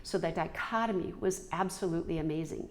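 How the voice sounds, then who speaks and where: A middle-aged woman telling an earnest, reflective personal story, halting now and then with restarts. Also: lowish voice. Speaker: storyteller sharing a personal experience.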